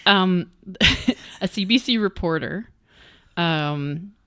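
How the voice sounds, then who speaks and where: Woman co-host, giggly and punning, lowish voice, dry close recording. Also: expressive, slow, a bit bright, clean tone, no room sound. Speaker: podcast co-host. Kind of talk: casual chat.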